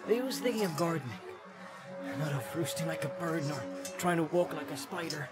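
A man's voice: fairly high pitch, fairly quick, voice pushed up, close to an everyday voice. Man doing a fretful rustic hobbit. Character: worried young male hobbit gardener. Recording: background music.

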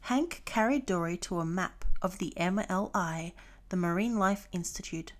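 A woman reading a children's storybook aloud, clear and expressive. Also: on the low side, moderate pace.

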